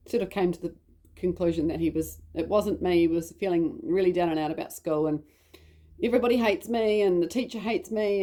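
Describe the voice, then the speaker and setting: Woman, 30s, casual rambling storyteller, warm and low-pitched. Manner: rambling, many fillers and side stories. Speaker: mother telling a personal story.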